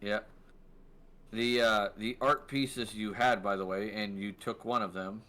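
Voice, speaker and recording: Bright-voiced male game master. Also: on the low side, measured pace. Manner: relaxed, filler-heavy narration. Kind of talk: narrating a tabletop game.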